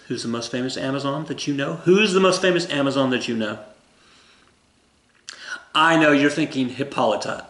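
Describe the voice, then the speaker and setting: A man's voice: medium pitch, fairly bright tone. A man teaching a casual recorded history lesson, rambling and joking as he corrects himself. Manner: rambling, jokey, self-correcting. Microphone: camera. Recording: roomy echo.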